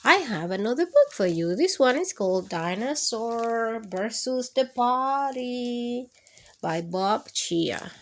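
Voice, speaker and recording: Slow, animated woman reading aloud to kids. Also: on the high side. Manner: expressive read-aloud with playful roars and sound effects. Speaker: children's storyteller. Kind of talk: reading picture books aloud.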